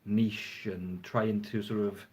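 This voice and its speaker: A man's voice: on the low side, flat delivery, takes it slowly, a little mellow, a little hiss or hum. Man, casual livestream chat, rambling, frank, swears a bit, phone mic. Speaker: fragrance reviewer. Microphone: phone front camera.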